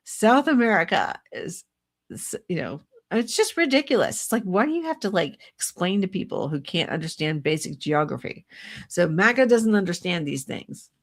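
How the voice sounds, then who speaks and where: Older woman, low voice, gravelly, rambling exasperated livestream rant. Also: sing-song, moderate pace. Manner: rambling, exasperated, with restarts and little laughs. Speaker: psychic reader.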